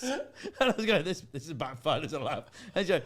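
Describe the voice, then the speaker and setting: A man's voice: high-pitched, brisk, a bit bright. A man in his forties, a comedian telling rambling stories in casual chat and laughing at himself. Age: 40s. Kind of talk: casual comic storytelling.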